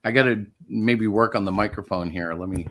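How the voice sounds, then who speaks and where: Low-voiced rambling stream host man. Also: a bit bright, slight background noise. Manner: rambling, halting, laughs while fiddling with tech. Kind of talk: casual chat.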